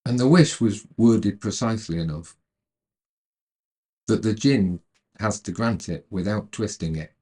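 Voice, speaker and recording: A man narrating a retelling of a film's plot in a calm, measured way, then adding his own commentary. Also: lowish voice, husky. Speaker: storyteller retelling a film.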